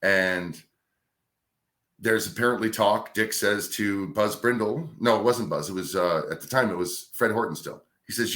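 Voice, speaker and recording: A middle-aged man, a radio host, telling a career story in a casual, animated way. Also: fairly low pitch, normal speed. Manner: animated anecdote telling with acted-out quotes. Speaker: radio host, podcast guest.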